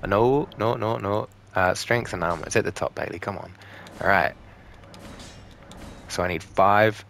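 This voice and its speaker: A man's voice: fairly low pitch, a little slow, vocal fry, a bit bright, slight background noise. A young man giving joking, profane commentary while playing a game, talking back to the enemies on screen. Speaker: gaming channel host. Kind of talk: let's play commentary.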